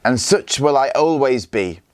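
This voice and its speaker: A man's voice: lively intonation, measured pace, clean tone, dry recording, natural voice. Male reader raising his voice for a fierce Viking mother in a storybook, proud and defiant, dry sound. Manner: raised pitch, proud, fierce.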